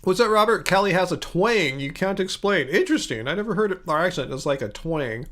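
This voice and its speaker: A man with an American accent and a notably high voice, chatting loosely on a livestream. He eats as he talks and wanders through viewer comments, circling back with lots of fillers and restarts. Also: lively intonation, fairly quick, fairly bright tone. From United States. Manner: rambling and curious, many fillers and restarts; eating while talking. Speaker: livestream host. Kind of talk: casual livestream chat answering viewer comments.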